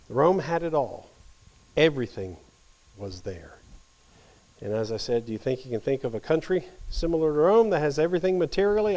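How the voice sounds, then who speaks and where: A man leading a Bible study, reading scripture aloud and teaching with animated emphasis that drops at times to a near whisper. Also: on the high side, rough recording.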